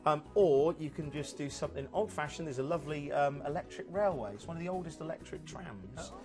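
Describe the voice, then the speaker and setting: A man's voice: fairly high pitch, fairly quick, music in the background. A man presenting cruise holidays on a TV sales show, chatty and upbeat with lots of fillers. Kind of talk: enthusiastic sales chat.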